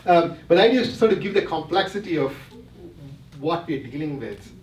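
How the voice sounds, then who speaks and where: Man presenting, slightly high voice, conversational, checks with listeners, echoey hall, mic far away. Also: big pitch swings, a little fast, a little mellow. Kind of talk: explanatory talk to a retreat audience. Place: retreat hall. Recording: roomy hall, mic from a distance.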